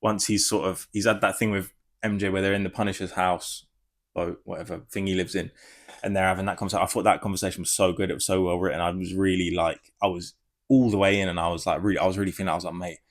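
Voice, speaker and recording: A man giving a casual spoiler review, rambling and excitable, swearing freely. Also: low-pitched, fast. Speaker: film reviewer.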